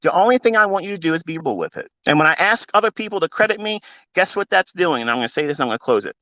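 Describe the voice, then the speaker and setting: A middle-aged man, a trading mentor, giving a blunt, swearing, preachy rant into a phone, with big swings in pitch and pace. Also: animated, racing, pushed and bright, dry recording, poor audio. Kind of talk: unscripted motivational rant.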